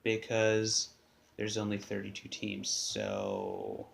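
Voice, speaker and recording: A man's voice: mid-range voice, steady tone, measured pace, a bit bright. A man hosting his own sports podcast from his basement, talking casually and bluntly, swearing and muttering to himself as he fiddles with his setup. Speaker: podcast host. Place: home basement.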